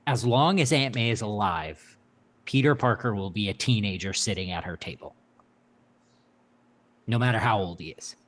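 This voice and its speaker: A man's voice: fairly low pitch, lively intonation, moderate pace, pauses often. A man in his thirties co-hosting a casual comics podcast with dry wisecracks. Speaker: podcast co-host. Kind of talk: casual chat.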